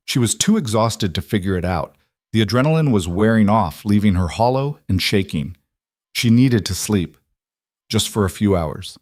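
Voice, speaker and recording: A man narrating a romance fantasy audiobook in a steady, measured way. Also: lowish voice, dry recording, studio quality.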